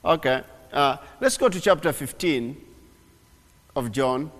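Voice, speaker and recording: High-voiced man preaching in a reverberant hall. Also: unhurried. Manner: animated, repeats phrases, stumbling restarts. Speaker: pastor. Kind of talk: sermon.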